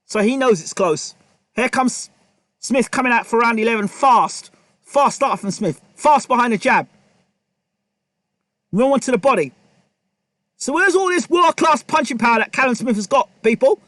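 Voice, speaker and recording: High-voiced excitable boxing commentator. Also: male voice, normal speed, pauses often, no echo, clean studio sound. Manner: excitable, repetitive, talks to the fighters. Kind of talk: live play-by-play commentary.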